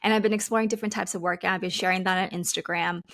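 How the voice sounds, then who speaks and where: A woman's voice: lowish voice, steady tone, racing, gravelly, fairly bright tone, no echo. A woman co-hosting a podcast in a casual chat, talking loosely with many fillers and frequent laughs. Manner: chatty, laughs often, lots of "like" fillers. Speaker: podcast co-host.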